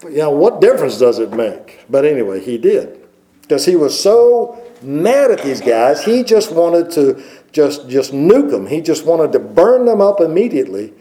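Casual: guy preaching into a mic, chatty with lots of ums and restarts, kinda high mellow voice. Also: very animated, normal speed, poor audio. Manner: conversational storytelling, many fillers and restarts. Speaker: pastor. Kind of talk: sermon. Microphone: microphone.

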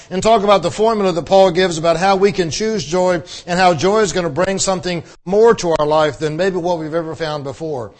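A male pastor preaching a conversational sermon, repeating phrases for emphasis. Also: high voice.

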